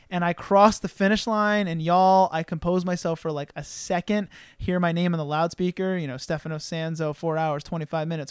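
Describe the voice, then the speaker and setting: A man's voice: fairly high pitch, clear, resonant tone, no echo. A young man with a slightly raised voice shares a personal story on his podcast. He sounds earnest and emotional, stumbling into restarts and fillers. The sound is close and dry, with no room around it. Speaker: podcast host.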